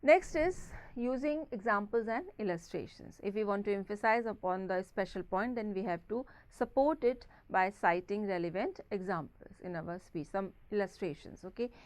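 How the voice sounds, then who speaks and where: A woman with an Indian English accent giving a recorded lecture, explaining step by step and filling pauses with "okay" and "uh". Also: mid-range voice. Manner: explanatory, frequent "okay" and "uh" fillers.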